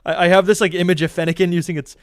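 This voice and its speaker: Excitable man with a higher voice. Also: very fast, smooth, no echo, studio quality. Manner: excitable, stumbles and restarts, reads entries aloud. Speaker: podcast co-host. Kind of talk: casual chat, reading Pokédex entries aloud.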